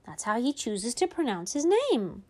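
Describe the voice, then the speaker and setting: A woman's voice: big pitch swings, a little slow. A woman putting on a sing-song preschool teacher. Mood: gently scolding. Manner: sing-song, high and bright, gently scolding. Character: cheerful female preschool teacher, patient, upbeat.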